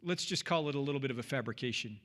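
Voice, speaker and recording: A man's voice: mid-range voice, racing, fairly bright tone, in a large hall. A man leading a Bible study as pastor, teaching in an earnest, conversational way and often repeating himself. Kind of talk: teaching sermon.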